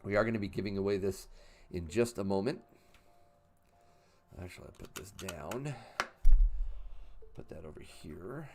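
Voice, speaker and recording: A man's voice: low voice, lively intonation, moderate pace, pauses often, a little mellow, a little hiss or hum. A man in his fifties hosting a casual livestream, reading chat questions aloud and answering in a chatty way with fillers and laughs. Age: 50s. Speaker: livestream host.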